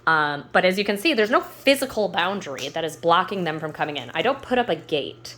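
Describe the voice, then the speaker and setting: A woman in her thirties, chatting casually at home as she walks between rooms and shows how she trains her dogs, with loose fillers and restarts and sweet high baby talk for the dogs. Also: very animated, a little fast, a bit bright. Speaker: dog trainer. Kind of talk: casual instructional vlog.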